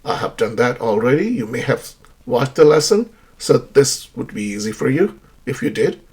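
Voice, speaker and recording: A man's voice: medium pitch, sing-song, moderate pace, a little mellow, slightly rough. A man teaching an English grammar lesson, explaining with many example sentences and checking in with "right?".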